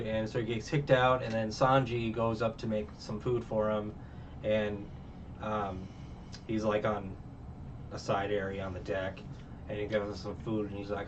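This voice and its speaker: A man's voice: fairly low pitch, flat delivery, unhurried. A man casually recapping a show as a reviewer, rambling with many fillers and restarts. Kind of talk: casual chat. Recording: muffled distant mic, faint background noise.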